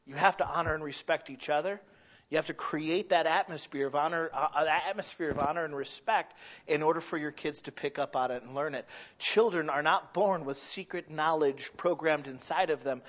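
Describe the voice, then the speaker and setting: A man's voice: a little high, fairly bright tone. A middle-aged man preaching a sermon in an earnest, conversational way, often restarting his sentences. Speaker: pastor. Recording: dull lo-fi recording.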